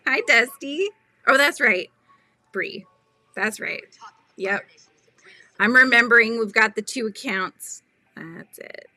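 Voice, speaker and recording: A woman's voice: a little high, animated, slow pace, pauses often, bright, forceful tone, no room sound, soft background music. A woman hosting a casual live stream, chatting and giggling as she reads viewer comments aloud. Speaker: livestream host chatting with viewers. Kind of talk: casual live-stream chat while crocheting.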